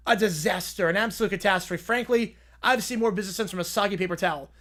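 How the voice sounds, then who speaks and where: A man's voice: sits high, quick pace, bright, forceful tone. A man voicing a boastful older billionaire boss who repeats short, scornful insults.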